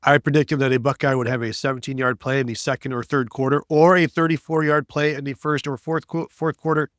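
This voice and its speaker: A man's voice: mid-range voice, flat delivery, a little fast, a bit bright, no room sound, studio quality. A man hosting a sports podcast with playful, teasing banter. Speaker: podcast host.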